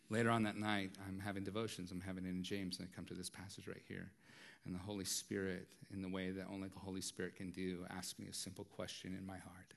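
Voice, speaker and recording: A man preaching a sermon in a conversational way, dropping to a hush and then rising loud and intense, often asking "right?". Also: low-pitched, little pitch movement, quick pace, vocal fry. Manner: swings from hushed to loud and intense; conversational, repeats phrases and asks "right?". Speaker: pastor.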